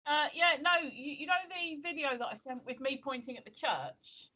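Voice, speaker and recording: A woman's voice: high-pitched, normal speed, bright, forceful tone, rough recording. A woman, co-hosting a casual livestream chat and telling rambling stories full of ums and restarts. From England. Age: 50s. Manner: chatty storyteller, lots of ums and restarts. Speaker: co-host. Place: home, streaming.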